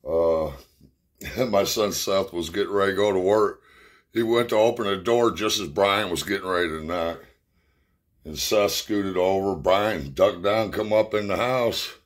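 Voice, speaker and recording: A man's voice: sits low, measured pace. A middle-aged man telling rambling, profane stories from his past in casual talk, sounding short of breath. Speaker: storyteller. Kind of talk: casual spoken memories.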